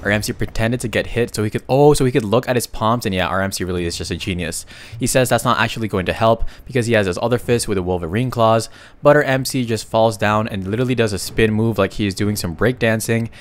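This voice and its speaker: A man's voice: fairly low pitch, fast talker. A man narrating a comic story recap in a casual, slangy way, breaking off for joking asides to his viewers.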